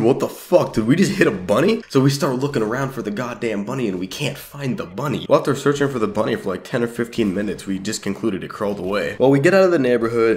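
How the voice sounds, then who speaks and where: A teenage boy telling a life story to camera in a rambling, casual way, swearing often and swinging his pitch up and down. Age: teens. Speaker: YouTuber storyteller.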